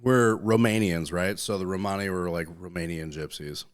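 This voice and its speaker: Lowish-voiced man rambling profanely. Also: moderate pace, clean tone. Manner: profane, rambling, animated storyteller. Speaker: podcast co-host. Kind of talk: casual podcast chat.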